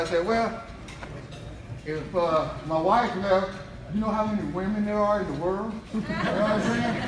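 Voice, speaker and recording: An American man with a high voice tells stories to a live audience and laughs often at his own jokes. His voice rings out in an echoey event hall, and there is a lot of background noise. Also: fairly even intonation, normal speed, long pauses, a bit bright. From United States. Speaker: motivational speaker. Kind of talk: humorous storytelling speech.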